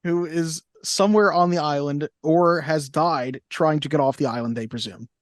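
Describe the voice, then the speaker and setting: A man's voice: fairly high pitch, moderate pace, no echo, clean studio sound. A man co-hosting a casual movie podcast, recapping a plot with fillers and frequent laughs. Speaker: podcast co-host.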